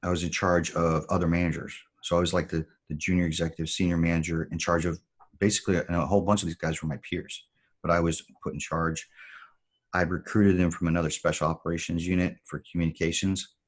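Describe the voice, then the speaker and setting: Deep-voiced man telling a story. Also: little pitch movement. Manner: measured, reflective storytelling. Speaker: podcast guest, former Marine. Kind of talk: storytelling in conversation.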